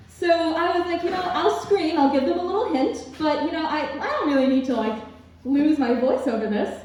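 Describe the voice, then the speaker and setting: A woman's voice: high voice, animated, normal speed, a little mellow, slight background noise. Young woman doing student stand-up, echoey. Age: young adult. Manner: laughs at own jokes, lots of ums. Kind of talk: stand-up comedy set. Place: student comedy club stage. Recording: echoey, distant, dull room recording.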